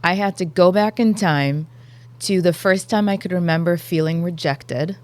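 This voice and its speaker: A woman's voice: on the low side, moderate pace. A woman guest on a podcast, candidly telling a personal story in a casual chat. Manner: candid, animated when telling stories.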